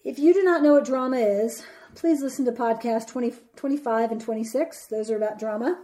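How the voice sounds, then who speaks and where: Earnest woman podcaster, mellow voice. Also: fairly high pitch, brisk. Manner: earnest, repetitive with many um's and restarts. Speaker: podcast host. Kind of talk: solo podcast monologue. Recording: roomy echoey sound.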